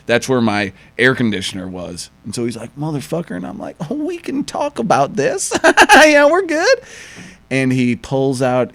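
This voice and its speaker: A man co-hosting a podcast, telling a profane story and acting out the quotes in different voices. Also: lowish voice. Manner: profane, animated, acts out quotes in shifting voices. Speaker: podcast co-host. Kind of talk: casual storytelling chat.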